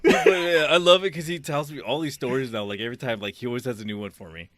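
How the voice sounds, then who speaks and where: A middle-aged man co-hosts a podcast, rambling through casual chat, laughing often and swearing easily. His mid-range voice is a bit bright and he talks fast, recorded with no room sound.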